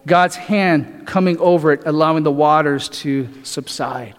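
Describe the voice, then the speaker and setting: High-voiced male pastor preaching. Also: measured pace. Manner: asks the congregation rhetorical questions, often adds "right?". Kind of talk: sermon. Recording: echoey hall reverb.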